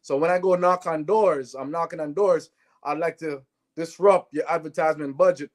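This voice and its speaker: Give me an animated man from Canada telling a story in an interview, acting out the dialogue. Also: on the high side, moderate pace. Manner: animated, acts out dialogue in his stories. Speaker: guest, former sprinter turned businessman.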